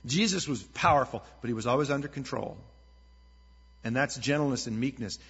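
Husky-voiced man preaching a sermon. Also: medium pitch, fairly quick. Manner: conversational, earnest preaching with lively storytelling. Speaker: pastor. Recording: dull lo-fi sound with long hall reverb.

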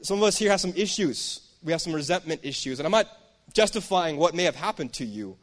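A man preaching in a conversational, storytelling way, often breaking off to speak straight to the audience. His voice sits a little higher than most men's. A long reverb trails after his words, as if he is speaking in a large hall. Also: animated, fast talker. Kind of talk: sermon.

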